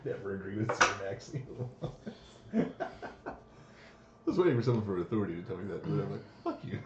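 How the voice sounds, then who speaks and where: Brief: joking male player, lively varied pitch, echoey room, dull audio with clear background noise. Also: brisk. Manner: joking, playing with accents. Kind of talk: casual tabletop play.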